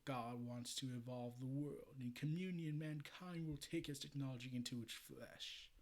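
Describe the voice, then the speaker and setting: A menacing machine hive mind speaking through a child, as a man reads it from a comic. The delivery is hushed and measured, a notch softer than usual, with a middle-pitched male voice. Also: natural voice. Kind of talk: reading comic dialogue aloud.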